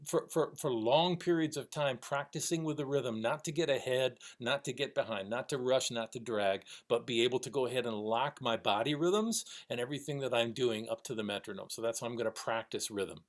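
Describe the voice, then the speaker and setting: A man's voice: medium pitch, a little fast, hardly any pauses. A middle-aged man teaching music online, counting rhythms aloud in a casual, encouraging way over a video call. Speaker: music instructor. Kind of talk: recorded online class lecture.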